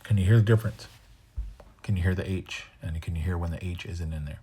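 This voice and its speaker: A man teaching the sounds of a language, slowly repeating words and sometimes whispering them so the contrast can be heard. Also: low-pitched, warm tone, slightly rough. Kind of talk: pronunciation lesson.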